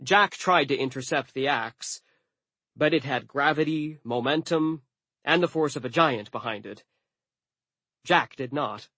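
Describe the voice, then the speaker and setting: A man narrating an audiobook in a studio, with wry, deadpan asides. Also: medium pitch, measured pace, no echo.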